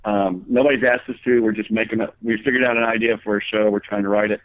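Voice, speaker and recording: A man's voice: lowish voice, fairly even intonation, fast talker, dry recording. A man talking as a guest comedian in a casual interview, telling long rambling stories with many fillers and restarts. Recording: tinny phone line.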